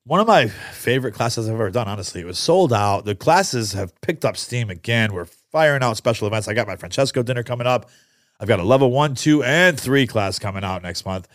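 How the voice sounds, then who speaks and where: A man's voice: mid-range voice, lively intonation, brisk, no echo, studio quality. A man casually reviewing restaurants and telling family stories, chatty and enthusiastic with many fillers. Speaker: podcast host reviewing restaurants. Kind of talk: casual storytelling chat.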